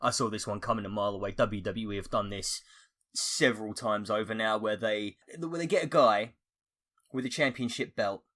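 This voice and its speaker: A man hosting a podcast in a fairly low voice. He leads the discussion in a steady, brisk way and hands the floor to guests. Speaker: podcast host. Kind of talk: casual podcast chat.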